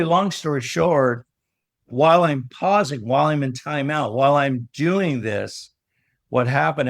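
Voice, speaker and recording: Animated middle-aged man telling a story. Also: medium pitch, no echo, clean studio sound. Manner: animated storyteller who acts out remembered dialogue. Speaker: podcast guest, business coach. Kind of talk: storytelling in a casual interview.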